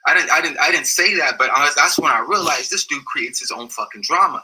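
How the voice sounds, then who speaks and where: A man with a bright, husky voice, pitched a little high, tells his story bluntly. He swears freely and livens up when he quotes other people. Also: fast, few pauses, poor audio. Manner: blunt, profane, animated when quoting others. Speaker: former associate telling his story. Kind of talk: casual storytelling.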